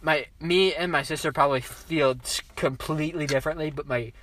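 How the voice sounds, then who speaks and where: A young man co-hosting a podcast in casual chat, excitable and bursting into high shouts when quoting himself. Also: fairly quick, slight background noise. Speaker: podcast co-host.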